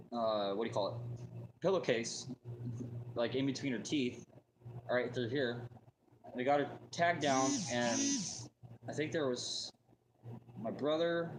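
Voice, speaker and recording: A man's voice: medium pitch, noisy background. A man telling a personal story in a casual, rambling way, full of fillers and restarts.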